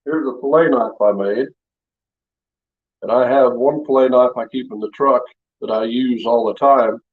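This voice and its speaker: In his home workshop, a man with a medium-pitched voice casually shows off knives he forged, talking at normal speed in a rambling, down-to-earth show-and-tell. The recording has a slightly dull lo-fi sound.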